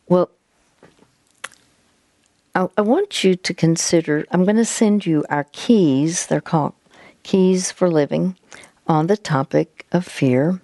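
A woman hosting a Christian call-in counseling show, gently coaching a caller and guiding her through slow deep breaths, with many halting restarts. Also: no echo. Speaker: radio counseling host.

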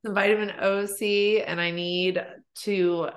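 A woman's voice: medium pitch, little pitch movement. Sassy young woman guesting on a podcast. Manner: sassy, blunt, quick asides. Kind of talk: casual chat. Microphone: podcast mic at home.

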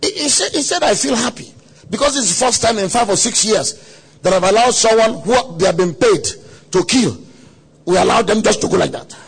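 A man preaching a sermon at a conference, telling a story dramatically with quoted voices and sudden shouts. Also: sits high, animated, brisk, vocal fry, husky. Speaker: pastor. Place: conference hall.

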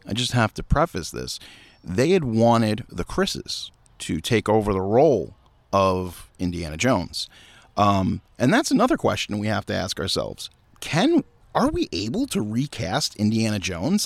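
A man hosting a podcast outdoors in casual chat, animated and riffing, with frequent swearing. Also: fairly low pitch, vocal fry, no echo. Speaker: podcast host.

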